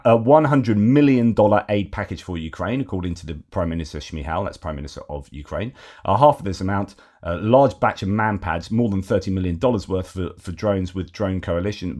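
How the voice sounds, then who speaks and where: A deep-voiced man talks through the day's news in a loose, chatty way. He wanders off on asides and fills pauses with "uh" and "um". His delivery stays conversational rather than scripted. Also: a little mellow. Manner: rambling, digressive, many fillers and restarts. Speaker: news commentary host. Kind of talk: casual news commentary.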